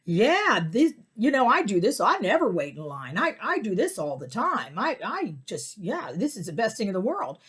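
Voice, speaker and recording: A woman voicing a brash, bragging drunk man who boasts loudly about skipping lines. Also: medium pitch, huge pitch swings, normal speed, few pauses, husky, voice pushed up, exaggerated voice. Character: loud boastful drunk man cutting the line.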